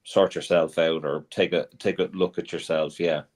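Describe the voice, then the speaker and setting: A man's voice: very deep voice, fairly even intonation, a little mellow. A man, co-hosting a casual chat in an easygoing way. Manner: easygoing, quick to laugh along. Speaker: co-host.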